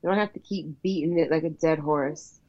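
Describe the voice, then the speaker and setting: A woman's voice: deep voice, normal speed. A woman in casual chat about a TV episode, blunt and swearing, often chiming in with short agreements. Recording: dull lo-fi mic.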